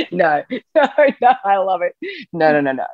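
A woman's voice: on the low side, sing-song, slow, no echo, lo-fi sound. A woman parenting coach speaking reassuringly and emphatically on a podcast, often repeating key phrases. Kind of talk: casual podcast chat.

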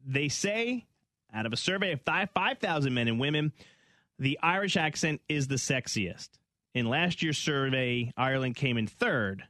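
A man's voice: mid-range voice, animated, normal speed, sharp tone, dry recording, studio quality. A man hosting a morning radio show, bantering and reading out a countdown list. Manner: playful, reads out lists. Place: radio studio.

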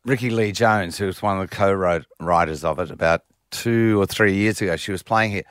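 A man's voice: low-pitched, fairly quick, fairly bright tone, smooth, dry recording. A man chatting easily as a guest musician in a radio studio. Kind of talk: radio interview.

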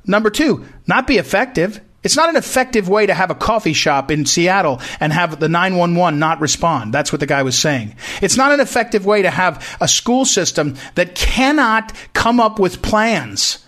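A man with a notably high-pitched voice hosts a talk show, delivering political commentary as a monologue. He talks emphatically, hammers points through repetition and often breaks off to restart his sentences. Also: expressive, moderate pace, few pauses, a bit bright.

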